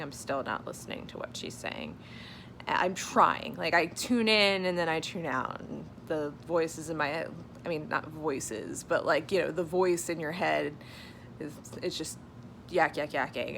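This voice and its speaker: Unhurried and low-pitched, a young woman's creaky, somewhat bright voice carries a chatty personal vlog filmed at home. She's candid, uses many fillers and drops to a whisper at times, over a light hiss or hum.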